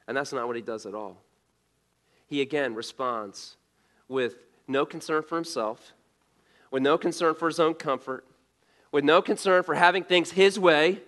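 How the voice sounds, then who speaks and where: In a slightly high, fairly bright voice, a male pastor preaches at a moderate pace. His style is conversational, full of rhetorical questions and frequent restarts.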